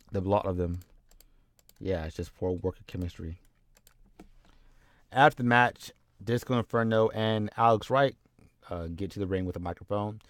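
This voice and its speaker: A man's voice: deep voice, dry recording. A man casually narrating a wrestling game playthrough in an offhand, rambling way. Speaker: game commentator.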